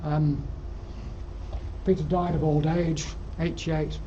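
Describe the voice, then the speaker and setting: A man's voice: a little high, flat delivery, slow pace, dark tone. An older man with a Yorkshire accent giving a rambling, dryly humorous slide-show talk to a club, with plenty of ums, on a dull lo-fi recording. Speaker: guest speaker at alpine club. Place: lecture room. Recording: dull lo-fi recording with faint noise.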